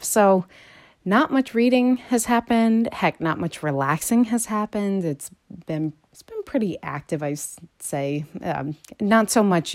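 A woman vlogger chatting casually and meandering, her voice jumping higher and louder when she gets excited. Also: no room sound, clean studio sound. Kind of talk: casual chat.

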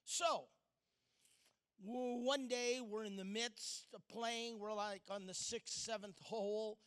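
A middle-aged man giving a sermon, telling a personal story with dramatic pauses and swings from loud to hushed. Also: high voice, steady tone, smooth. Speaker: speaker.

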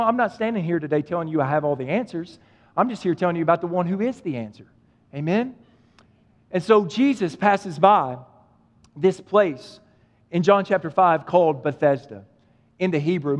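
A man's voice: sits high, moderate pace. A male pastor preaching a sermon, speaking with emphatic repetition and addressing the listeners directly. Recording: long hall reverb.

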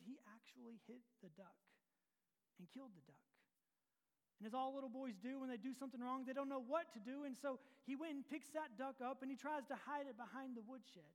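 A pastor preaching a sermon, telling stories and dropping to hushed tones for emphasis. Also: high voice. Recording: long reverb of a large room.

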